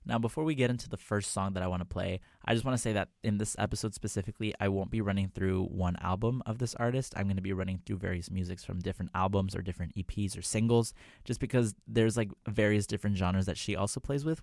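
A man's voice: lowish voice, fast talker, vocal fry, no echo. A young man hosting a radio music show, telling a story in a casual, chatty way with lots of "like" and "um", from a studio mic. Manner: chatty, full of "like" and "um", excitable.

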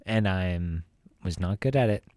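A man's voice: sits low, measured pace, darkish tone, dry recording. A man, co-hosting a podcast with goofy, self-deprecating humor. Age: 20s. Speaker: podcast co-host. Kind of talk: casual chat.

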